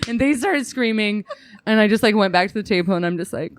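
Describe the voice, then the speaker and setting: A woman's voice: medium pitch, brisk, dry recording. A woman comedian, a podcast guest, telling a story in casual chat, laughing and swearing as she talks. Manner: animated, laughing, swearing, lots of "like".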